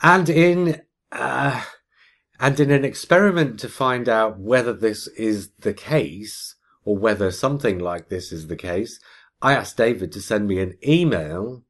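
Low-voiced man, animated podcast host. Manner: animated, jokey, laughs often. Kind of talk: casual chat, reading an email aloud.

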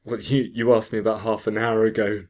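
A man's voice: lowish voice, level tone, fairly quick, darkish tone. A man co-hosting a podcast in casual chat, with dry, teasing asides. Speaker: podcast co-host.

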